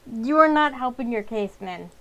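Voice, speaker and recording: Lady reading as a yelling scary dad, scolding the kids nonstop. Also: on the high side, lively intonation, moderate pace, highs cut off, slight background noise. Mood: angry. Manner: scolding, shouting, berating. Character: angry volatile middle-aged father, bullying.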